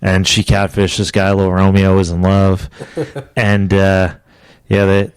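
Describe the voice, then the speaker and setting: A young man co-hosting a podcast, telling a long rambling story in casual chat, breaking into laughs and high squeaky voices for the people he quotes. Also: level tone, a little slow, smooth, dry recording. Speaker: podcast co-host.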